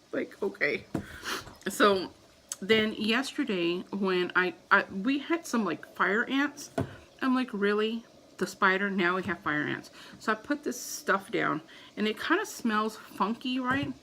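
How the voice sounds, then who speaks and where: A woman's voice: medium pitch, expressive, takes it slowly, bright, forceful tone, slight background noise, poor audio. A woman in her thirties telling a story casually to camera as a vlogger, acting out her own panicked reactions.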